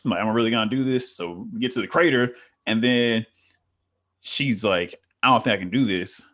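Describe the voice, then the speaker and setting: A man's voice: lowish voice, fairly quick, a bit bright. A man co-hosting a casual review chat, laid-back and slangy, acting out quotes from the show. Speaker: co-host reviewing a reality show.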